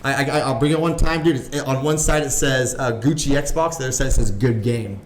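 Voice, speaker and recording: A man in his thirties telling a story on a podcast as a guest, animated and full of "like", acting out the voices of people he quotes. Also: medium pitch, brisk, reverberant. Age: 30s. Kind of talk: casual storytelling chat.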